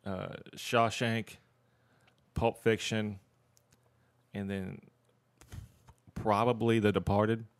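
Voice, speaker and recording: A man's voice: fairly low pitch, flat delivery, extremely slow, pauses often. A man guesting on a podcast in casual chat, laid-back, laughing often and swearing casually.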